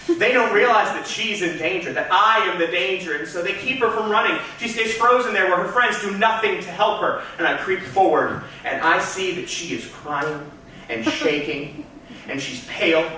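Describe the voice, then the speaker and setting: A man's voice: high-pitched, normal speed, sharp tone, a little hiss or hum. A man doing stand-up comedy on a club stage, telling a story in a theatrical, punchy way and talking straight to the crowd. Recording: echoey club room, mic at a distance.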